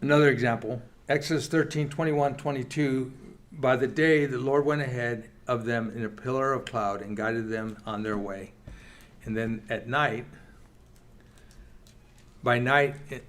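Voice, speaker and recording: Male Bible class teacher, mid-pitched, earnest, reads scripture and chats with the room. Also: a bit bright. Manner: earnest, reads scripture aloud, quick asides. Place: church meeting room.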